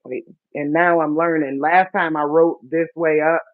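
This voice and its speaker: With a slightly high voice and fairly even intonation, a vlogger talks casually as he sets up seeds for his first garden. He's self-mocking and stumbles over the planting instructions he reads aloud, in a dry, tinny, phone-like recording.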